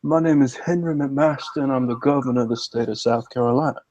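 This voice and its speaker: A courtly Southern politician's drawl, soft and formal, with the R's dropped, as a man puts him on. He speaks at a middle pitch, stately and measured. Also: muffled recording, lightly acted. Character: impression of a genteel Southern male politician.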